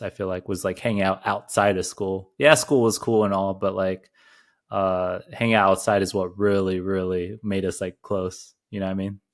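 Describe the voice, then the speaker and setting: A young man in his twenties co-hosts a podcast, with a lowish voice. He tells stories loosely, packed with slang and casual swearing, and often breaks into laughter. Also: a bit bright. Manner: laid-back storyteller, heavy slang and swearing, frequent laughter. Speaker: podcast co-host. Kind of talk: casual chat.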